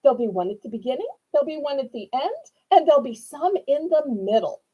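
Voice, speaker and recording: Bubbly woman with a lively, high voice. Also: quick pace, narrow, tinny audio. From New Orleans, Louisiana. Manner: sweet, chatty, animated and eager to please. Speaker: live auction seller. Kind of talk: live-stream sales chat.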